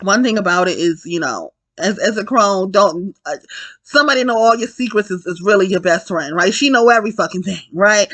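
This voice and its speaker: A woman's voice: medium pitch, lively intonation, brisk, a bit bright, no echo. A woman recapping a film in a casual, rambling way, swearing freely and checking in with her viewers. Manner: rambling, profane, keeps asking "right?" and addressing "y'all". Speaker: film reviewer.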